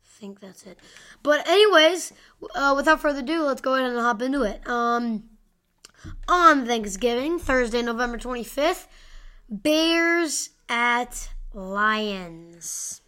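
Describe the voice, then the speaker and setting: Bright, rambling young podcast host. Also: female voice, fairly high pitch, expressive, takes it slowly. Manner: rambling and chatty, with many fillers and asides. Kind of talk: casual solo sports-prediction podcast. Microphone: home podcast microphone with gain turned high.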